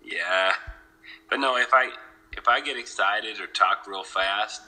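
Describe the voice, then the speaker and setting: A man's voice: lowish voice, unhurried, bright, forceful tone, faint music behind, rough recording. A man with a Canadian accent and a slight Southern drawl, co-hosting a casual chat and joking with his friends. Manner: joking, restarts often. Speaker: podcast co-host.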